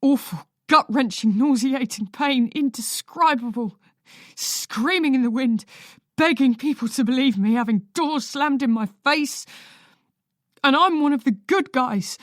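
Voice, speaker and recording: A woman reading a desperate, reckless man who pleads and insists, a little higher and louder than her narration. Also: unhurried, no room sound, studio quality.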